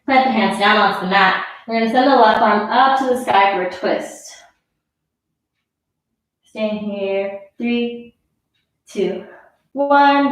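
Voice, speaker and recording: A woman leading a yoga class, out of breath as she gives casual, encouraging cues and counts down the breaths. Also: on the high side. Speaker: yoga instructor. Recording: very echoey room, mic far off.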